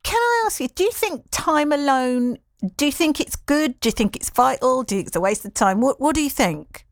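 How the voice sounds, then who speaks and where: Lively high-voiced woman host. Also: brisk, no echo, studio quality. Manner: lively, exclamatory reactions. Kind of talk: radio interview.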